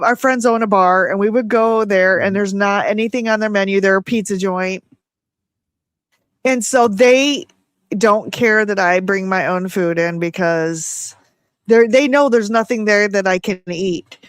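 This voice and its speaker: A middle-aged woman hosts a relaxed interview and chats in a rambling, storytelling way, laughing often. Her voice sits at an ordinary pitch. It is close and dry, with no room sound. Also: measured pace, no room sound. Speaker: host. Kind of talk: casual interview chat.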